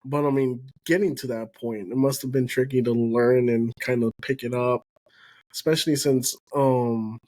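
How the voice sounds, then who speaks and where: A man's voice: mid-range voice, steady tone, moderate pace, a little mellow. A man hosting a casual podcast interview, agreeing often and laughing along with his guest. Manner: affirming, frequent "mm-hmm" and laughs. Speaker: podcast host.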